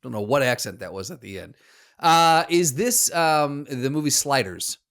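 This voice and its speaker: A male podcast co-host with a middle-pitched voice and lively intonation. He chats casually and playfully, hesitating and swearing lightly as he guesses. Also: normal speed, clean tone.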